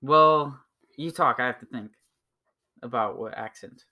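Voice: medium pitch, unhurried, bright, forceful tone. A young person chats casually on camera with a friend. The replies are short, playful and agreeable, with frequent giggles.

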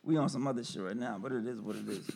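A man in his forties chatting casually as a podcast host, animated and incredulous, full of street slang. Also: mid-range voice, quick pace, vocal fry, slight background noise. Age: 40s. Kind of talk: casual chat.

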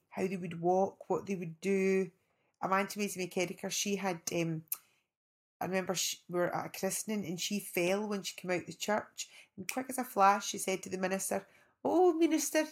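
A woman's voice: medium pitch, gravelly. A middle-aged Scottish woman, an actress guest, telling rambling anecdotes in casual chat. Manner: animated, rambling anecdotes with restarts.

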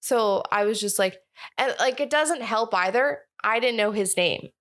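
A woman's voice: on the high side, normal speed, fairly bright tone. Chatty young woman co-hosting a film podcast. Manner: chatty, quotes her own reactions, frequent laughs. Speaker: podcast co-host. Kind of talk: casual film discussion.

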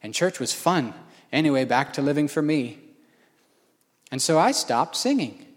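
A man's voice: fairly high pitch, lively intonation, moderate pace. A man preaching a storytelling sermon in a conversational, self-mocking way. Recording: long hall reverb.

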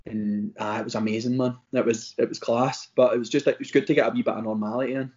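A man's voice: medium pitch, steady tone, fast talker, darkish tone. Rambling Glaswegian man, lo-fi. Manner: rambling, bantering, self-interrupting. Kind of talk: casual chat. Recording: dull lo-fi recording.

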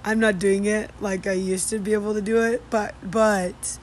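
A woman's voice: mid-range voice, little pitch movement, normal speed, a little hiss or hum. A young woman casually telling a story, rambling with many fillers and restarts. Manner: rambling, many fillers and restarts, mimics Spanish street calls. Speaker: vlogger recounting study abroad.

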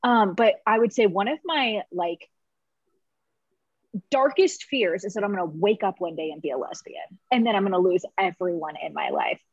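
A woman's voice: medium pitch, breathy edge, no room sound. Young woman chatting, lots of ums and likes, dry lo-fi sound, kinda shaky. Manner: halting, many fillers, laughs through tears. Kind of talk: emotional casual chat. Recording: dull lo-fi sound.

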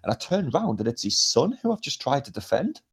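A young man tells a pub story in casual chat, swearing freely. His voice is gravelly with a husky, rough edge. He speaks at an everyday middle pitch. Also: fast. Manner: swears a lot, animated anecdote with acted quotes.

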